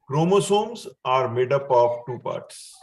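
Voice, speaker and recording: A man's voice: medium pitch, expressive, a little slow. Indian-accented man, patient chemistry tutor, mid-range voice, checks in with the student. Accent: Indian English. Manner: checks in with the student often, chuckles at his own remarks. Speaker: chemistry teacher. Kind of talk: explanatory classroom lecture.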